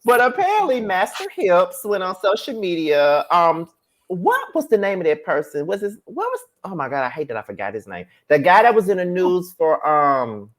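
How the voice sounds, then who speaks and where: A man hosts a casual gossip chat with a lively, swinging voice. He laughs easily and trails off into fillers while he hunts for names. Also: sits high, normal speed. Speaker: podcast host.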